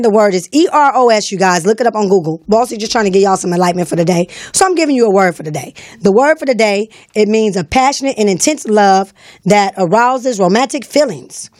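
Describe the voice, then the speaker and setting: A slightly mellow, medium-pitched woman hosts a live call-in show, captured on a studio mic with no echo. She keeps the live-stream talk casual while sounding bossy, teasing, and slangy.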